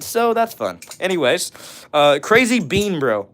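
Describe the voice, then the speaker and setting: A man's voice: high voice, measured pace. Upbeat man chatting on a live stream. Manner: excitable, joking, laughs often. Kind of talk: casual live stream chat reading.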